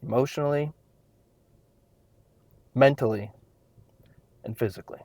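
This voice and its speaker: A man's voice: medium pitch, unhurried, a little mellow, no echo. A man in his thirties, a fitness trainer, talking intensely and bluntly to a podcast mic, swearing freely. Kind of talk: casual solo podcast monologue.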